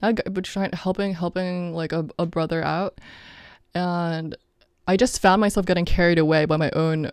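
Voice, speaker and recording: A woman's voice: on the low side, fairly even intonation, moderate pace, a little mellow, clear, resonant tone, no room sound. A woman talking casually in a reflective vlog, rambling with many fillers and often breaking into laughter. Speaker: vlogger.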